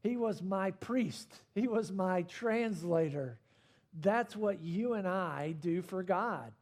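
A man's voice: high-pitched, animated, slow pace, darkish tone. A man preaching a sermon as pastor, speaking emphatically with swells and drops in intensity. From not from Australia.

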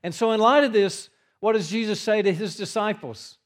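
A man preaching a sermon to his congregation in a church, earnest in tone and dropping his voice low for the quiet passages. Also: normal speed. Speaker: pastor.

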